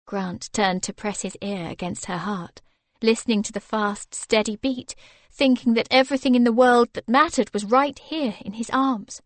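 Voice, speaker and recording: A woman narrating an audiobook in a measured, expressive manner. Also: mid-range voice, no room sound. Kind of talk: scripted narration.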